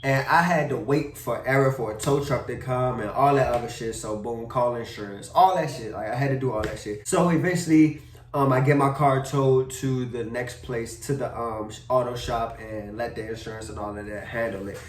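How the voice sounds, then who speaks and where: A young man in a casual storytime vlog, retelling events with slang, swearing and animated energy. His voice sits in a middle register and is caught a little away from the mic, with a roomy echo around it. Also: medium pitch, moderate pace, recorded from a distance, a little hiss or hum. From Maryland. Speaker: vlogger.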